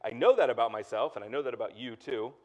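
A man preaching a sermon as pastor in a relaxed, conversational way, full of fillers and asides to the congregation. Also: mid-range voice, fast talker. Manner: casual and chatty, lots of "like" and "right?".

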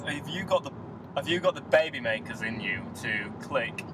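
A man co-hosting a casual podcast while driving, teasing the others with quick interjections. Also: mid-range voice, lively intonation. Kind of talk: casual banter. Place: inside a moving car. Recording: distant voice over loud road noise.

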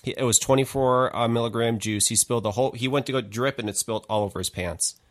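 A man hosting a casual live talk show in a chatty, informal way with halting restarts. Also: mid-range voice, no echo. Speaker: host. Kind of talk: casual chat.

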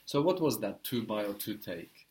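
A man's voice: on the low side, animated, normal speed, darkish tone. A man teaching a one-to-one Turkish lesson, explaining patiently and repeating words for his student.

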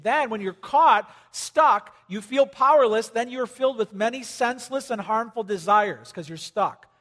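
High-voiced pastor preaching in a reverberant hall. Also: male voice. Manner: animated, conversational, swings from loud emphasis to quiet. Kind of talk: sermon. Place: church hall with congregation.

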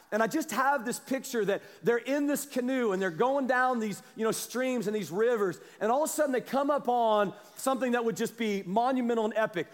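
A man preaching a sermon as a pastor, telling a story with animated energy and a slight cough. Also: extremely high pitch, big-room sound. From Kansas, US. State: has a cough.

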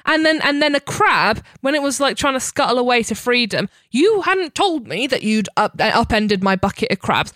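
Lively woman, dry close sound. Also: a little high, moderate pace, few pauses, no room sound. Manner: animated storytelling, mimics voices, swears. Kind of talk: casual chat.

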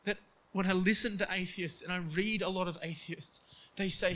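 A man preaching a sermon earnestly, acting out quoted voices in hushed tones. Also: sits high, steady tone, moderate pace, poor audio.

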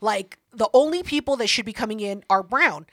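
A woman's voice: on the high side, a little fast, no echo, studio quality. A woman co-hosting a podcast, telling stories in casual chat and swearing freely. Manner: profane, animated storyteller. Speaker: podcast co-host.

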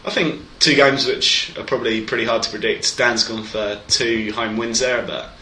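A man's voice: medium pitch, fairly even intonation, moderate pace, sharp tone, roomy sound, recorded from a distance, a little hiss or hum, poor audio. A man chatting on a podcast, talking football in a keen, opinionated way. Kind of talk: casual podcast chat.

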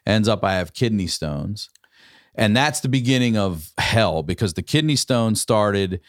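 A man's voice: fairly low pitch, animated, unhurried, no room sound, clean studio sound. A man in his forties, a podcast host, telling a long profane story in casual chat. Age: 40s. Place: podcast studio.

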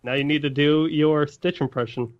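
A man co-hosting a casual podcast over an online call, joking and quick with quips. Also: fairly high pitch, fairly even intonation, dull audio, very noisy. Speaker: podcast co-host. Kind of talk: casual chat.

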